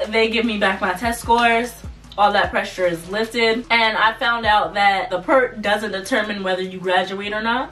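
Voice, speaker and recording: A young adult woman telling a personal story in a casual, animated vlog, laughing often as she talks. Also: medium pitch, far from the mic. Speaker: vlogger. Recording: voice a bit off-mic, faint music behind.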